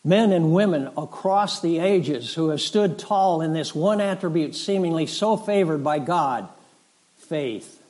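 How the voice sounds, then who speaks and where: Male pastor, fairly high voice, deliberate preaching cadence that swells on scripture. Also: expressive, a little mellow. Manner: slow deliberate preaching, rising in force on scripture lists. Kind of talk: sermon. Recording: audio of a sermon.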